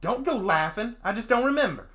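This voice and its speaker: A man voicing a rough, distrustful young dragon girl with a put-on Southern country accent, speaking low and curt with rural grammar in a visual novel reading. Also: animated, brisk, fairly bright tone. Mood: guarded. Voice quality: low, frustrated, growling. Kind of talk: visual novel read-aloud.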